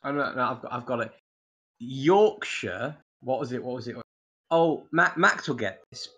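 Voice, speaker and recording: A man's voice: mid-range voice, expressive, moderate pace, bright, forceful tone. A young man on a casual podcast voice call, goofy and rambling, hamming up silly bits. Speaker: podcast co-host. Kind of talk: casual chat over a voice call.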